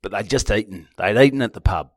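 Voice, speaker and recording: Blunt, sweary Australian bloke. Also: male voice, lowish voice, fast talker, no room sound, studio quality. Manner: blunt, sweary, teasing, lots of "mate". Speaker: podcast co-host, comedian. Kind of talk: casual banter.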